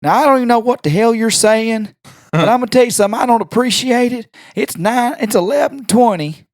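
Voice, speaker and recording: A man imitating an angry older man who gruffly shouts and swears at a prank caller. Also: very high-pitched, lively intonation, a little fast, no echo, clean studio sound, pitched above the performer's own voice. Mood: furious.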